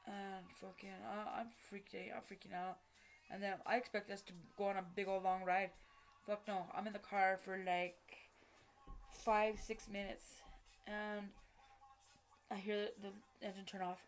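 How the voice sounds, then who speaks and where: A woman telling a personal story straight to camera, blunt and heavily profane, halting and restarting as she goes. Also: medium pitch, little pitch movement, faint music behind. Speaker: vlogger recounting a personal story.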